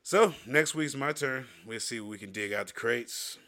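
A man's voice: medium pitch, moderate pace, very noisy. A man hosting a comedy show, acting out an improvised sketch, teasing and stammering, laughing often.

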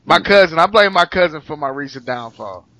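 Quick-talking male co-host, bright forceful tone, animated joker. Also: a little high. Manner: animated, joking storyteller with slang and profanity. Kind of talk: casual chat. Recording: dull lo-fi sound.

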